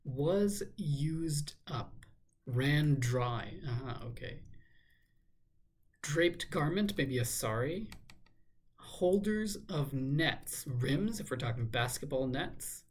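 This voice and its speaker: A man thinking aloud in a measured, musing way as he works through a crossword, now and then correcting himself. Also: a little high, lively intonation, slightly rough. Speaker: crossword solver. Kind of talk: thinking aloud while solving a puzzle.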